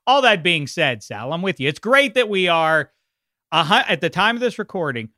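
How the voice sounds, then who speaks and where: A man's voice: high-pitched, big pitch swings, moderate pace, bright, forceful tone, no echo, studio quality. A man hosting a casual sports talk show, wry and rambling as he muses. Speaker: podcast host.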